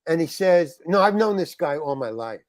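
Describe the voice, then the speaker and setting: A man being interviewed on a podcast, telling an anecdote with lively restarts and acted-out quotes of other people. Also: a little high, moderate pace, no echo, studio quality. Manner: animated, acts out other people's lines in quotes, frequent restarts. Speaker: interview guest, actor. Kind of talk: anecdotal storytelling in a podcast chat.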